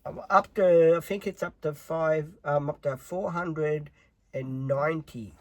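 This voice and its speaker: Rambling man, slightly high voice. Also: a little slow, darkish tone, dry recording. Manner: rambling, swears freely. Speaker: live streamer. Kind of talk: casual chat. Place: home.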